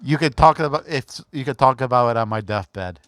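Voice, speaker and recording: A man speaks as a guest on a casual podcast, stumbling over repeated words and protesting when teased. His pitch is medium, and the recording is dry and close. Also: lively intonation, fairly quick, fairly bright tone, dry recording. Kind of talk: casual chat.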